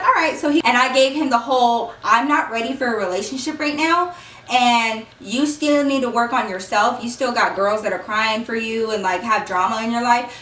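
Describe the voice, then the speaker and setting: Young woman vlogger, animated storyteller, bright tone, echoey room recorded slightly off-mic. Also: on the high side, recorded from a distance. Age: young adult. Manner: animated storytelling, acts out quoted dialogue. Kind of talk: storytime vlog.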